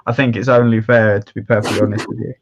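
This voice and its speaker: A man's voice: on the low side, flat delivery, quick pace, a little hiss or hum. A man co-hosting a casual live stream, joking, swearing and laughing. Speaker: co-host. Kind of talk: casual group chat. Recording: dull lo-fi stream audio.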